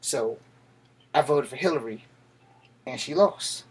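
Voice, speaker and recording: A man's voice: mid-range voice, expressive, a little slow, breathy edge. A man in his thirties, a veteran, giving a blunt, profane and heated political rant to the camera. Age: 30s.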